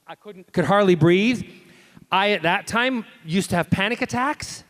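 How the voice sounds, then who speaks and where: A man answering fan questions as a convention panel guest, telling lively anecdotes and acting out the dialogue. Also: sits high, moderate pace. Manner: animated, acts out quoted dialogue.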